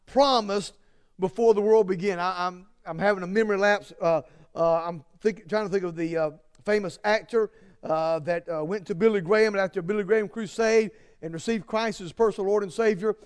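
Man, pastor, sermon, high voice, smooth and resonant, stumbling fillers, earnest emphatic build. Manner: halting, lots of fillers and restarts; earnest, rising to emphatic peaks. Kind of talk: sermon with personal stories.

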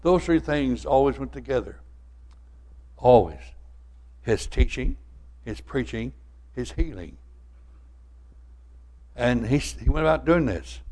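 Older preacher guy, folksy stories, gets loud then drops real quiet, regular middle pitch. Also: expressive, slow pace, pauses often. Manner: folksy storytelling preacher, swings from loud to soft. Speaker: pastor. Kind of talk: sermon.

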